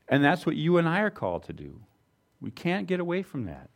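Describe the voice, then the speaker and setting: A male pastor delivers an informal, conversational sermon. His voice moves lively up and down in pitch, and his plain, everyday phrasing is broken up by self-deprecating asides. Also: brisk, creaky.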